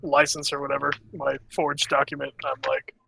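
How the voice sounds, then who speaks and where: A man's voice: on the high side, monotone, a little fast, gravelly, bright, forceful tone, slightly rough, low-quality recording. A man playing a tabletop game, casual and playful, slipping into a bluffing official's voice. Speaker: player. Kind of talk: casual tabletop role-play.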